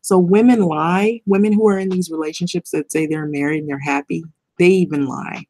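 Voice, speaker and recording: A woman's voice: fairly low pitch, fairly even intonation, a little fast, warm tone, no echo. A middle-aged woman talking bluntly and rambling in a casual vlog monologue, swearing and laughing often. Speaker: vlogger.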